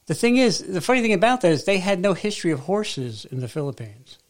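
A man's voice: high voice, big pitch swings, brisk. A man co-hosting a podcast, telling stories in casual, rambling chat with frequent restarts. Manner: rambling, self-interrupting storyteller. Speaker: podcast co-host.

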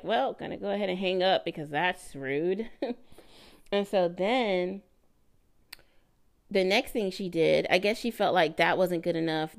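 A woman with a lowish, gravelly voice tells a personal story on her podcast. She talks casually and animatedly, laughing as she goes and putting on voices for the people she quotes. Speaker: podcast host.

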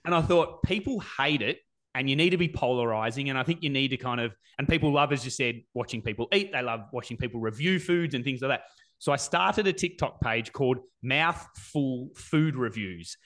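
A man in his forties hosting a casual interview, speaking warmly with many ums and restarts. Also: mid-range voice, lively intonation, fairly quick. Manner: warm, hesitant, many ums. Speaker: interviewer, fitness coach.

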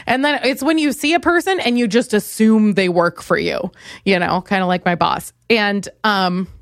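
A young woman hosting a comedic solo podcast, ranting theatrically and jumping into loud, high outbursts. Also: moderate pace, no echo, studio quality. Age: young adult. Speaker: podcast host.

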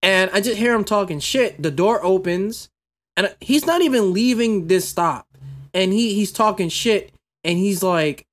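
A man's voice: high voice, unhurried. A man who makes video content, chatting casually and telling a story, tired and swearing freely. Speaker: content creator. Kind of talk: casual chat.

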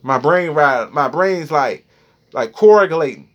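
Guy on a podcast ranting a wild story, swoops way up and down, voice kinda high for a dude, keeps repeating himself. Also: unhurried, dull audio. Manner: crude, excitable, repeats words and phrases; voice jumps high when reliving panic. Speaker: podcast host. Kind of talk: freestyle storytelling monologue.

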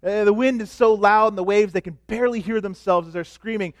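A middle-aged man preaching a sermon as pastor, animated, dropping to soft asides. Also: high voice, fairly quick, hardly any pauses, no echo.

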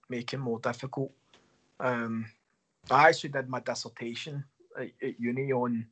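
A Scottish man speaks as a guest on a casual podcast, an ice hockey coach explaining himself in halting, stop-start phrases. He often repeats a word before going on. His voice sits at an ordinary, middle pitch for a man. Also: fairly bright tone, poor audio. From Scotland. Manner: halting, repeats words while thinking.

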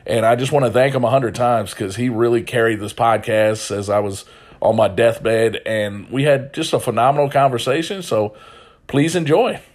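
A man's voice: mid-range voice, normal speed. A man hosting a casual podcast, talking in a rambling, profane, self-deprecating way. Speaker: podcast host.

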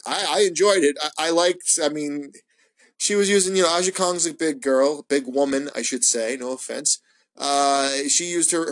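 A man hosting his own show, rambling casually and excitably, swearing often and stumbling through fillers. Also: medium pitch. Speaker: wrestling podcast host. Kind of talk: casual solo ramble review.

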